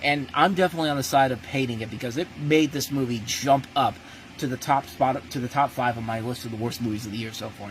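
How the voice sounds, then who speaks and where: A man of middle pitch runs his own review show and talks straight to his listeners in a blunt, ranting way. He stops halfway through phrases and starts them over, and a faint hum of background noise sits under his voice. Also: low-quality recording. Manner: blunt, ranting, many restarts. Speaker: movie reviewer host. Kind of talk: casual spoken movie review.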